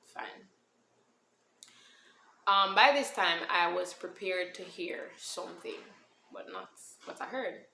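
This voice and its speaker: A woman tells a personal story to camera in a casual, animated way and slips into patois now and then. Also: lowish voice, takes it slowly, creaky, long pauses, slight background noise. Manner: animated, switches into Caribbean-style patois when emotional. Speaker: vlogger telling a personal story. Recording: echoey room with faint ambience.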